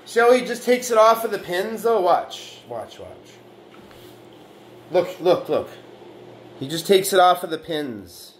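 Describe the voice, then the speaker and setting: Guy ranting and trash talking, cussing every other word, kinda high pitched, faint hiss in the back. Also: animated, a little slow, long pauses. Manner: boastful, aggressive, profane trash talk; argumentative, repeating "man" and "right". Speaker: fitness vlogger. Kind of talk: profane reaction rant.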